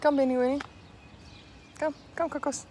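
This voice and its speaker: A young South African woman chats through a casual daily vlog, slipping into cooing baby talk with her dogs. Her voice sits a little high, and faint noise runs behind it. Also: fairly even intonation, moderate pace, dark tone. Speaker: vlogger. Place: home and outdoor walk.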